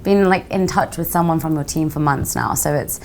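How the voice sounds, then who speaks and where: A woman's voice: low-pitched, normal speed, a little hiss or hum. A woman hosting a podcast interview, upbeat and effusive with her guest. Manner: upbeat, effusive, laughs along. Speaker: podcast host. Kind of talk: casual interview chat.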